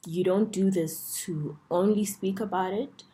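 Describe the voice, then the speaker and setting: A woman teaching an online masterclass in a chatty way, checking in with "okay?" and dropping into soft whispers at times. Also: medium pitch, fairly even intonation, unhurried. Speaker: dating coach.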